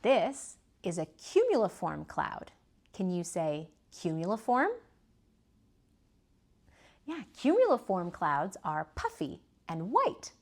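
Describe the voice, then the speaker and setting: Slow, sing-song preschool teacher woman. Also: on the low side, very animated. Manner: sing-song, asks children to repeat and point. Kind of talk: slow, gentle preschool lesson.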